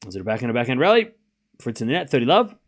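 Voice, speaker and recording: A young man calls tennis points on a casual live stream, wandering into jokey tangents with his chat between rallies. He talks at an ordinary middle pitch, loose and unscripted, with a bit of swearing. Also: sing-song, rapid-fire.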